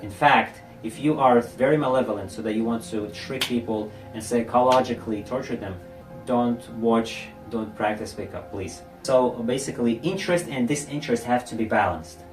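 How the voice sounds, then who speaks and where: A man lectures a class as a dating coach, walking through examples and checking in with "right?" after each point. He sounds set back from the mic in a roomy, echoing space, with clear music playing underneath. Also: mid-range voice, recorded from a distance.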